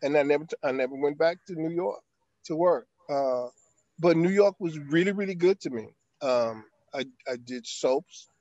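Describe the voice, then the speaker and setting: A man's voice: a little high, moderate pace, dark tone, no room sound, lo-fi sound. An older man, an actor, telling a long anecdote in an interview, acting out quotes and using frequent fillers. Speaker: actor guest. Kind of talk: storytelling in an interview.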